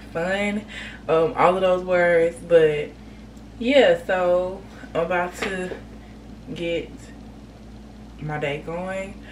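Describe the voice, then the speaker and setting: A woman's voice: fairly low pitch, slight background noise, rough recording. Young woman, casual vlogger, talkative and filler-heavy, recorded in a car. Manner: chatty, filler-heavy, emotional and gushing. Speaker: vlogger and clothing designer. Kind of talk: casual vlog chat. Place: inside a parked car.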